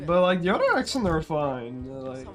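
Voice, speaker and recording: A man chats with his stream viewers, his voice a little higher than most. He wanders through his thoughts with hesitant restarts and filler words. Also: sing-song, normal speed, fairly bright tone, soft background music. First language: French. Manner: rambling, hesitant, many restarts. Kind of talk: casual live-stream chat, answering viewers.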